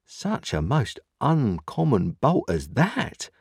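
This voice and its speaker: A gentle, simple working man speaks earnestly in plain rustic grammar, his voice raised above the narrator's, as a male reader puts him on. Dry, close audiobook sound. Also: on the high side, lively intonation, measured pace, no echo, pitched above the performer's own voice. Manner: earnest, confidential, rustic speech. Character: gentle, simple-spoken village blacksmith Joe.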